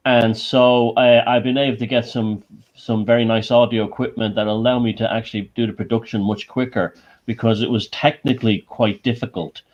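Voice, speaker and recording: A man's voice: mid-range voice, steady tone, a little fast, lo-fi sound. A man joining a live chat as the guest, stammering and restarting as he talks over a video call. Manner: stammering restarts, laughs while talking. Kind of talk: casual interview.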